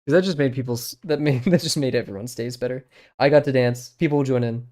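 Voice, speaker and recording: A man's voice: mid-range voice, fast, darkish tone. A man streaming himself drawing, thinking aloud in a rambling, hesitant way with lots of fillers and small self-deprecating laughs. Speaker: streamer learning to draw.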